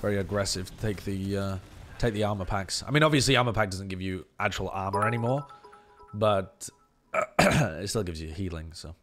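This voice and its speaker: A man's voice: sits low, normal speed, fairly bright tone, faint music behind. A man doing live-stream match analysis, blunt and profane, ranting at length and answering viewer chat.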